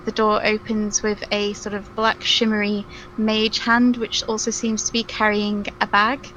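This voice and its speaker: A woman playing a tabletop role-playing game, describing her character and speaking in character with many pauses and fillers. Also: fairly high pitch, a bit bright, a little hiss or hum, low-quality recording. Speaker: player. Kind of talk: role-play narration and in-character talk.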